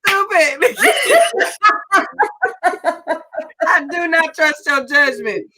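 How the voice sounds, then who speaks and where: A woman co-host speaks in a high, bright, sharp voice. She talks slowly and with emphasis, repeating words for comic effect. A faint noise sits under her voice. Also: sing-song, poor audio. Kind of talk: casual panel chat.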